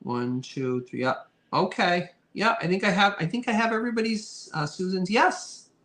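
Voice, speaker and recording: A man's voice: sits high, normal speed, fairly bright tone, slight background noise. A man hosting a live online vintage sale, chatting casually and thanking his viewers often. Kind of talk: casual live-stream chat.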